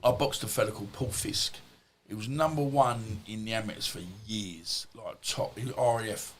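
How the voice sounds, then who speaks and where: A man's voice: on the low side, moderate pace, a bit bright, a little hiss or hum. A middle-aged man, a podcast guest, telling stories in a rambling, blunt, colloquial way. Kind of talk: storytelling in conversation.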